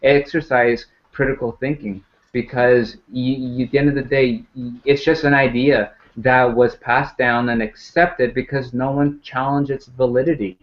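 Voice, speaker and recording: A mid-pitched man talks earnestly in a casual online discussion, often stumbling over his words. His sound is dull, like a video call. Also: little pitch movement, normal speed, hardly any pauses. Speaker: guest in discussion. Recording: dull web call audio.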